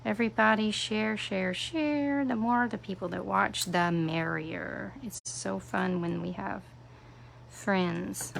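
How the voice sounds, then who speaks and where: A woman hosts a live craft tutorial in a strongly gravelly, fry-laden voice. She talks slowly and chattily, greeting viewers by name and making playful jokes at her own expense. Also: medium pitch, a little hiss or hum. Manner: self-deprecating, playful asides. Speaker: craft demonstrator.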